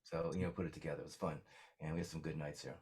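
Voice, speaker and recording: A man's voice: extremely low pitch, steady tone, rapid-fire, a little mellow, slightly rough. A man telling stories as a songwriter guest in a casual interview, rambling with lots of fillers.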